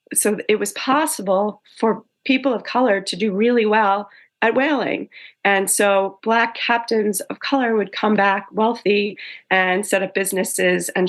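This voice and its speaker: A woman author talks through her writing process in a relaxed, conversational interview. Her voice sits at an ordinary pitch for a woman. She tells it in a chatty, storytelling way and stops often to fix her own words. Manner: chatty storytelling with frequent self-corrections.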